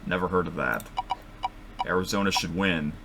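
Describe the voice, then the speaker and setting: A man thinking aloud as he makes picks at his computer microphone, rambling and correcting himself, with sudden excited outbursts. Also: deep voice, normal speed, background noise. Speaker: vlogger making bracket picks. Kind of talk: casual thinking-aloud commentary.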